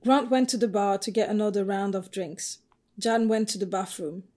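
A woman reading a novel aloud in an even, understated first-person narration. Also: medium pitch, normal speed. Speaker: audiobook narrator.

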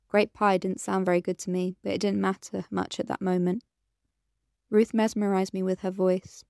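Smooth, level-voiced woman narrator. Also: mid-range voice, flat delivery, dry recording, studio quality. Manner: measured, quiet storytelling. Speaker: audiobook narrator. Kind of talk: scripted first-person narration.

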